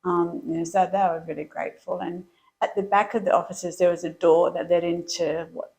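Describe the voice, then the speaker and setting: A middle-aged woman telling her story as an interview guest, chatty and quick to laugh. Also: on the low side, level tone, creaky, a little mellow, poor audio. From Australia.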